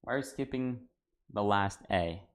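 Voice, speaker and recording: Low-voiced man chatting while he cooks. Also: normal speed. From United States. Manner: rambling, chatty, says "dude" often; talks to chat while cooking. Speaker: cooking livestreamer. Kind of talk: casual livestream chat.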